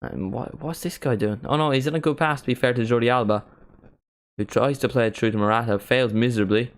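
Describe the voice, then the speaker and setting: A man's voice: medium pitch, quick pace. A man from Northern Ireland with a mild Northern Irish accent, hosting a live football watchalong in a casual, chatty way that includes free swearing. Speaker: watchalong host.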